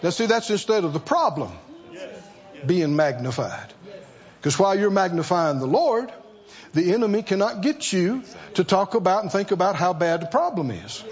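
Male preacher, call-and-response sermon, high voice, slow delivery, muffled lo-fi sound. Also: sing-song. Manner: call-and-response, rhetorical questions to the congregation.

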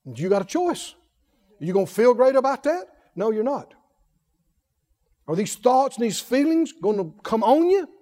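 High-voiced, lively preacher man. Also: long reverb tail. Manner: rising to shouted declarations, drawn-out emphatic phrases; leads the congregation to repeat lines. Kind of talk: sermon with call-and-response.

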